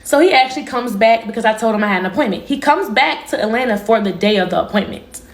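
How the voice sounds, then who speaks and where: A woman telling her viewers a personal story in a candid, slangy, animated way. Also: a little high, quick pace, reverberant. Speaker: storytime vlogger. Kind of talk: casual storytime monologue.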